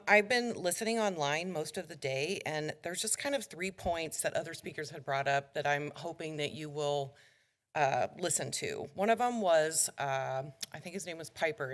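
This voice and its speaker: Woman, low pitch, out of breath, urgent, questioning, public comment, council chamber. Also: moderate pace. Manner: urgent, questioning, somewhat jumbled. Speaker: resident giving public comment.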